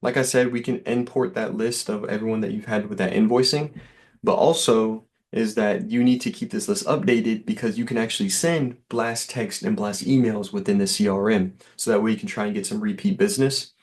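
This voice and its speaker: A man's voice: on the low side, steady tone, a little fast, a little mellow. A man giving an easygoing, reassuring sales demo over a call, with lots of fillers. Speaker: software sales rep.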